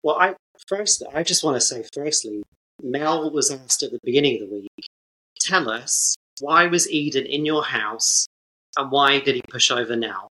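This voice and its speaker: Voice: mid-range voice, lively intonation, moderate pace, sharp tone, low-quality recording. A podcast guest in casual chat, emphatic and opinionated, with dry jokes.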